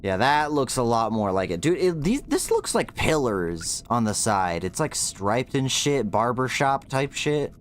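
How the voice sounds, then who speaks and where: A man's voice: mid-range voice, sing-song, a little slow, hardly any pauses, a little hiss or hum. A young man streaming a game, chatting casually in slang and thinking aloud as he plays. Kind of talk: casual gameplay commentary.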